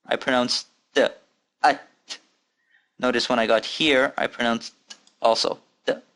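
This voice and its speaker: Slow, patient man teaching letter sounds. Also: mid-range voice, a bit bright. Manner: patient, repeats sounds slowly for students to follow. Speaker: Arabic reading teacher. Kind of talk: recorded language lesson.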